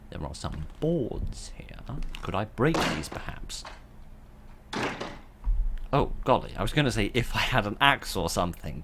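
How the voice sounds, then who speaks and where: A man's voice: sits low, animated, moderate pace, noisy background. A man giving wry, sarcastic, rambling commentary while playing a game. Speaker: gameplay commentator. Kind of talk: let's play commentary.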